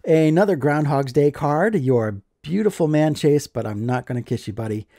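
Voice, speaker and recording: A man's voice: a little high, animated, moderate pace, warm tone, no echo, clean studio sound. Upbeat man opening fan mail. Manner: enthusiastic, joking asides. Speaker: card collecting vlogger. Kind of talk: casual mail opening chat.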